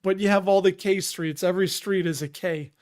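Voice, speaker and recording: A man's voice: high-pitched, fairly even intonation, brisk, darkish tone. A man with a Chicago accent hosting a casual live stream, rambling and chatty and often laughing as he reads out viewer comments.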